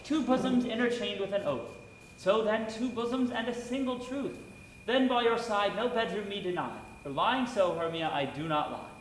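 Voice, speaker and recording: A man's voice: high-pitched, normal speed, natural voice. A young man playing an ardent young lover, declaiming verse earnestly on stage in an echoey hall, heard from a distance. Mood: tender. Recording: echoey hall from far off, with noise.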